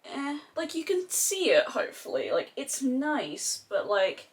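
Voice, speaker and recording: A woman's voice: high voice, sing-song, a little slow, few pauses. A young Australian woman chatting casually and animatedly through a makeup tutorial, with slangy, sweary asides. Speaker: beauty vlogger.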